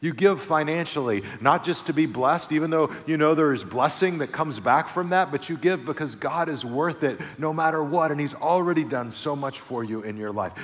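A middle-aged man preaching a sermon as pastor, telling a family story, moving between quiet, low passages and loud, animated stretches. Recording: long reverb of a large hall.

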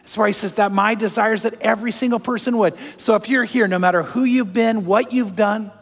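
A pastor preaching a sermon to a congregation, his voice going from loud storytelling down to soft, hushed appeals. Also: high voice, fairly even intonation, a little fast. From California. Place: large church hall. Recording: long hall reverb.

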